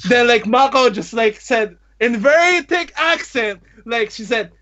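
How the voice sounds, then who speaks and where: A man's voice: very high voice, lively intonation, a little slow, bright, forceful tone, highs cut off. A man eagerly telling a story, laughing often and acting out the dialogue. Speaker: guest telling a travel story. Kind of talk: excited storytelling with acted-out quotes.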